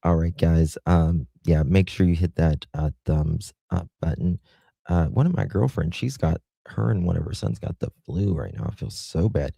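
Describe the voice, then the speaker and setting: Male livestream host, very low and husky, warm and affectionate with his viewers. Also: lively intonation, moderate pace, no room sound. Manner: affectionate, thanks viewers with endearments. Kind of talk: casual livestream chat, reading viewer comments.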